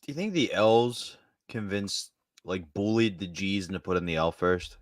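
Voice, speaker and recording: Male co-host, very low voice, quick reactive quips. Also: lively intonation, no echo, clean studio sound. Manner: short reactive replies, joking asides. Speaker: podcast co-host. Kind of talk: casual comedy chat.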